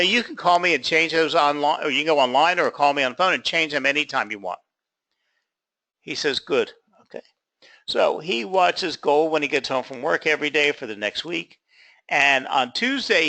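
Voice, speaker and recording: Gravelly, bright-voiced trading instructor. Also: male voice, on the high side. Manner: acts out both sides of a dialogue, casual fillers like "you know". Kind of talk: class lecture told as an anecdote.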